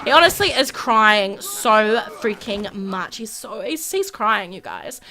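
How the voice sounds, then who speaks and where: Narrating a life-sim game for her gaming video, this young host delivers excited let's-play commentary at a slow, animated clip. Her medium-pitched voice is bright and forceful, full of dramatic gasps, heavy repetition, and acted-out quarrels between characters.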